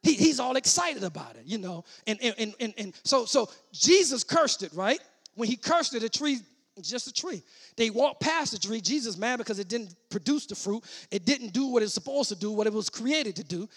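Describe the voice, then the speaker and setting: A man preaching a sermon, starting as casual teaching and building to loud shouted preaching, repeating and restarting his words. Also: high voice, animated, a little fast, slightly rough.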